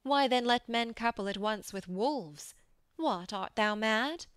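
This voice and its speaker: A woman's voice: fairly high pitch, takes it slowly, fairly bright tone, clear, resonant tone, dry recording, studio quality. A woman voicing a scornful, blunt knight. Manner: incredulous.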